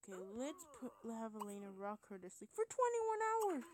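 A woman's voice: on the high side, big pitch swings, normal speed, noisy background. A young woman in casual gameplay commentary, chatty and giggly, her voice tired, rambling and sometimes dropping to a whisper. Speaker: gameplay video host.

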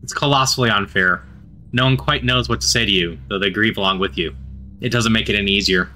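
A man reading a visual novel aloud as narrator, steady and gentle, with casual asides of his own. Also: lowish voice, a little fast. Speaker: narrator and player. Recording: faint music behind the voice.

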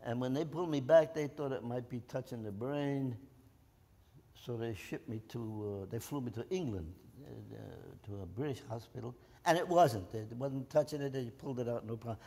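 A man in his nineties, a veteran, telling lively anecdotes to an audience and acting out the quotes. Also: medium pitch, moderate pace, creaky. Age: 90s. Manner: animated, with many restarts and acted-out quotes. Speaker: World War II veteran guest. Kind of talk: storytelling anecdotes to a live audience. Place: museum event hall. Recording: echoey hall.

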